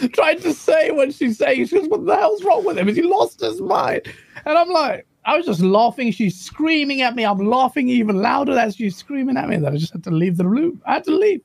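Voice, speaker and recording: A man co-hosting a casual chat show, relaxed and chatty, laughing as he tells stories. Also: very high-pitched, dry recording. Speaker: podcast co-host.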